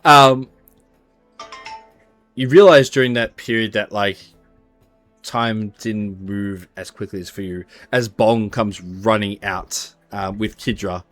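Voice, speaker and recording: A man's voice: on the low side, slow pace, fairly bright tone, no room sound, faint music behind. A man narrating as game master, loose and full of fillers.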